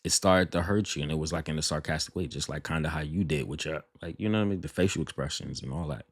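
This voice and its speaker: A man's voice: extremely low pitch, fast talker, slightly rough, dry recording, studio quality. A man giving blunt, sarcastic reaction commentary, rambling with many restarts and "right?" asides. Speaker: reaction video host.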